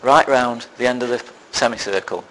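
A man delivers a sermon in an easy, storytelling way, poking fun at himself with dry asides. His voice sits at an everyday middle pitch. A faint hum of the room sits under him. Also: normal speed, a bit bright, rough recording. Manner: self-deprecating storytelling with dry humour. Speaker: lay preacher.

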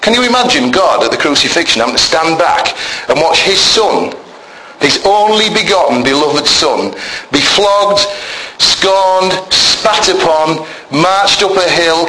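A male preacher gives a sermon with a fairly high, bright and forceful voice. He talks in an emphatic, conversational way and keeps asking the congregation questions. The recording is roomy and echoey, with faint church ambience. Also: lively intonation, unhurried, a little hiss or hum.

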